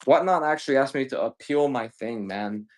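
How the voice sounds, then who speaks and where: A man's voice: medium pitch, expressive. A man hosting a live stream that sells video games, chatting casually and cursing freely as he greets viewers one after another. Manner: loose and profane, greets viewers rapid-fire. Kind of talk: casual live-selling chat.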